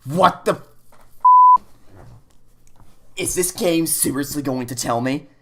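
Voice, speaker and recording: A man commentating a let's play, frantic and incredulous, stammering and cursing in loud outbursts. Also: a little high, takes it slowly, heavy background noise. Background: game music.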